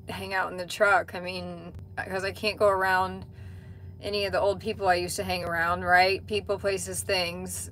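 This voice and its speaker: A woman hosts a casual livestream from inside a truck cab, reading viewer comments and answering them. She talks in a candid, chatty way and swears casually. Her voice sits at a middle pitch, with a faint rumble in the background. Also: fairly bright tone. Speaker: livestream host.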